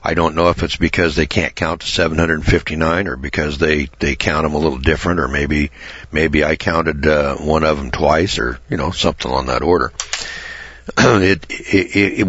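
A man telling a story in a sermon, folksy and stammering, restarting phrases and often clearing his throat. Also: rumbling low, steady tone, normal speed, fairly bright tone, dry recording, highs cut off.

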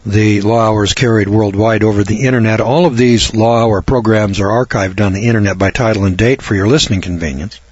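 A man's voice: fairly low pitch, steady tone, brisk, few pauses, a little mellow, husky, dry recording. A man hosting a radio talk show, preaching emphatically and reading out long lists and scripture. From American South. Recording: dull dry radio broadcast sound.

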